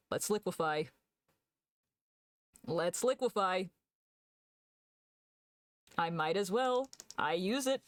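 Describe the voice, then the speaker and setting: Young woman, casual live-stream chat while drawing, laughs a lot, mid-pitched voice, dry close sound. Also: no echo. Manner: chatty, laughs often, answers chat aloud.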